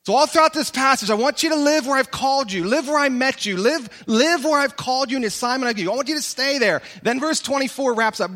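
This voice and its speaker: A man's voice: high voice, animated, fairly quick, fairly bright tone, big-room sound. A man preaching a sermon as pastor from a church stage. He preaches with passion and at times speaks in the voices of imagined listeners.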